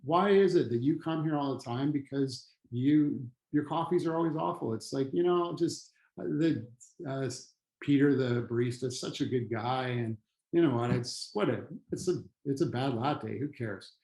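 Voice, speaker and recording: A man leading an online training session, talking conversationally and acting out quoted people with sudden pitch jumps. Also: moderate pace, darkish tone, reverberant, poor audio. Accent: Canadian English.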